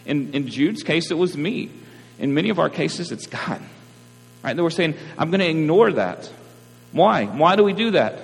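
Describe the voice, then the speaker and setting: A pastor preaches a sermon in a conversational way, checking in with listeners often and tossing in frequent "right?" asides. His voice is a little high and creaky, with lively intonation and a moderate pace. The recording comes from a reverberant hall with mains hum.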